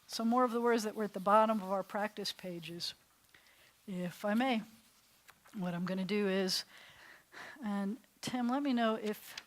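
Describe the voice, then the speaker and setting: A woman rabbi teaching a Hebrew class in a synagogue classroom, enthusiastic, slowly sounding out breathy words. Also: mid-range voice. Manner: enthusiastic, drawn-out breathy pronunciations.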